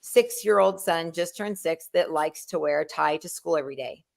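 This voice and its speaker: A woman in her forties, chatting casually as co-host of a livestream, telling stories with animated energy. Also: deep voice, normal speed, gravelly. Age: 40s.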